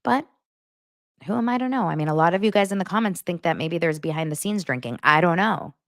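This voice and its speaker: A woman in her thirties hosts a casual podcast recap. She talks in a low, gossipy voice full of "like" and "you know". The sound is dry and close. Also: animated, fairly quick, dry recording. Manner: chatty, gossipy, filler-heavy. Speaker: podcast host.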